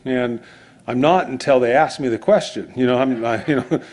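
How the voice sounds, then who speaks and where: A man's voice: medium pitch, moderate pace, a little mellow. A man preaching as pastor, in a rambling conversational sermon full of asides and restarts.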